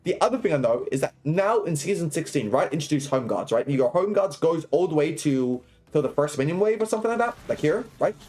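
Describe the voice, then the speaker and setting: Fast-talking man coaching a game live. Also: fairly high pitch, lively intonation, darkish tone. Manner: quick, explanatory, keeps checking in with "right?" and "okay?"; laughs and banters with chat. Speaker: streamer coaching a video game. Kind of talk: live gameplay commentary.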